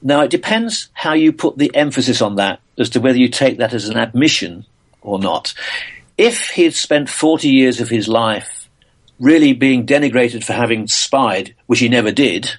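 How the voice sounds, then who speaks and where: An older man from England, a physicist guest, answering interview questions in a thoughtful way, full of pauses, uhs and restarts. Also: medium pitch, expressive.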